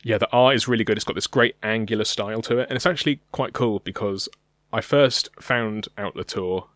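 This young man from Britain talks a little fast in a lowish, fairly bright voice while co-hosting a podcast. He chats casually but hesitantly, dropping many ums, and the recording has no room sound.

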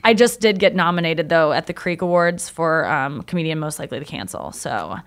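A woman's voice: deep voice, animated, brisk. A woman stand-up comedian in casual conversation, candid and chatty, telling stories and acting out quoted lines. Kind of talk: casual podcast chat.

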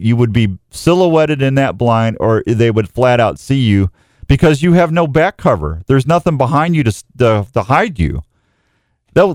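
A man's voice: medium pitch, a little mellow, no echo, studio quality. A man hosting a casual radio show, joking and rambling.

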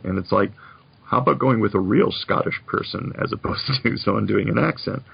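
Gravelly, husky older man. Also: on the low side, fairly quick. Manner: reflective storyteller, many "you know"s. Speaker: guest, animation producer. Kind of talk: casual interview chat. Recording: dull lo-fi recording.

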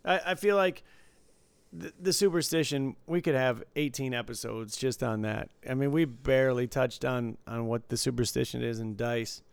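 Detroit man, easygoing, gravelly, smooth and resonant, dry studio. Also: medium pitch, normal speed, no room sound. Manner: easygoing, rambling, self-deprecating. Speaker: casino dealer, podcast co-host. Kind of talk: casual chat.

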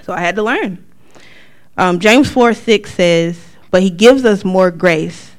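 A middle-aged woman giving a church testimony in a casual, conversational way, acting out quotes with sudden high outbursts. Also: slow pace. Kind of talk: testimony talk.

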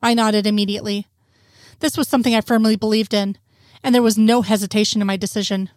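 A woman narrating a fan fiction story in a steady, soft-spoken reading. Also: medium pitch, fast talker, no echo, clean studio sound. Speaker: audiobook narrator.

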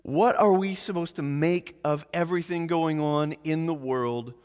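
A man preaching a sermon as pastor, earnest, slowing and softening on key phrases. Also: fairly high pitch, smooth, in a large hall.

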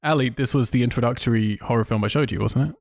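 A man co-hosting a podcast in casual chat, enthusiastic and quick, swearing freely. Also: medium pitch, darkish tone, no echo, clean studio sound. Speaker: podcast co-host.

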